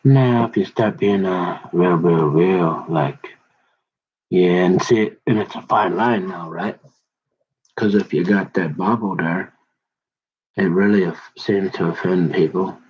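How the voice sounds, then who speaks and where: A man's voice: deep voice, slow, slightly rough, dull audio. A middle-aged man in a casual, rambling monologue, talking in a folksy way and often repeating words and restarting.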